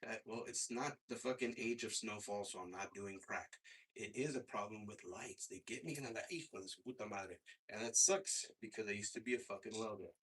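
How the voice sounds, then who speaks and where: A man performing a stand-up comedy set on a club stage, with a profane, halting delivery full of fillers. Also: fairly low pitch, a bit bright, breathy edge. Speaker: stand-up comic. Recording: stage mic heard from afar.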